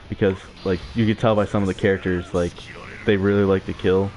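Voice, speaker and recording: Young dude rambling thru a lets play, kinda low voice, lots of likes n chuckles. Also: male voice, little pitch movement, brisk, a little mellow, slight background noise. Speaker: let's play gamer. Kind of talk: casual gameplay commentary.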